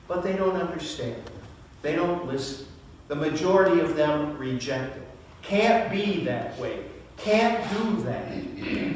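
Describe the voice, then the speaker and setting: A male priest giving a sermon in a church, speaking slowly and deliberately and asking rhetorical questions. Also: fairly high pitch, a little hiss or hum. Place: church sanctuary. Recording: very echoey church from far off.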